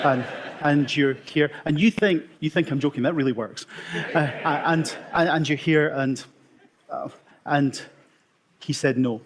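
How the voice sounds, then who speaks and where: A man's voice: on the high side, a little hiss or hum. Wry Scottish man telling stories. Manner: wry, self-mocking storyteller with dramatic pauses. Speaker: emergency consultant giving a talk. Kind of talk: storytelling conference talk.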